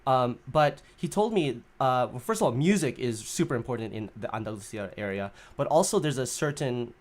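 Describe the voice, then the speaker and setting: A man's voice: medium pitch, animated, brisk. A man hosting a casual livestream chat, upbeat and chatty, often laughing. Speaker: livestream host.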